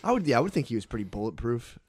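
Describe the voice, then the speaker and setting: Deadpan joking podcast co-host man. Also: mid-range voice, racing. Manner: deadpan absurd jokes, eager questions. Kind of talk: casual chat.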